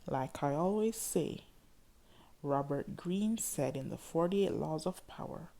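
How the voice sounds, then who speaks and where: Low, slow-reading woman narrator. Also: lively intonation, creaky, dark tone. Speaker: audiobook reader. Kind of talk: first-person urban fiction narration.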